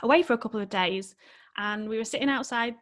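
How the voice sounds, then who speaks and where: A woman's voice: on the high side, fast talker, fairly bright tone. Earnest, emotional woman. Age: adult, married with children. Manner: emotional, earnest, rambling with frequent restarts. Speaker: life coach, podcast guest. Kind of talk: casual podcast conversation.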